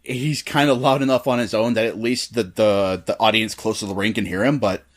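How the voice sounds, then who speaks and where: A man's voice: lowish voice, steady tone, a little fast. A man co-hosting a wrestling podcast in casual chat, enthusiastic and often repeating words as he starts a thought. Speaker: podcast co-host.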